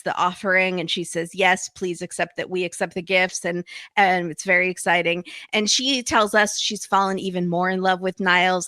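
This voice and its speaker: A woman hosting a podcast, chatting casually and retelling scenes in an animated way with quoted voices. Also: mid-range voice, no echo. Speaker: podcast host. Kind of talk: casual chat recapping reality TV.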